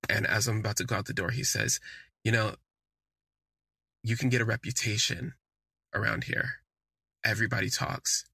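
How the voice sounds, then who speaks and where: A man's voice: lowish voice, vocal fry, sharp tone, husky, no room sound. A man hosting a podcast, telling a candid personal story in casual, conversational storytelling with frequent fillers. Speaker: podcast host.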